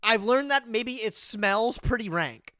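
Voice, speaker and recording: A streamer in their twenties speaks a little slowly at medium pitch, the studio-quality recording free of echo. On the live stream they're animated and slangy, saying "bro" often as they read text from the web and react.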